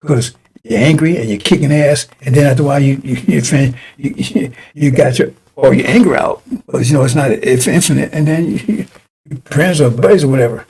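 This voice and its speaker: A man's voice: medium pitch, fairly quick, creaky, darkish tone, husky. A man preaching a broadcast sermon in a fiery, rambling way, often repeating and restarting his phrases.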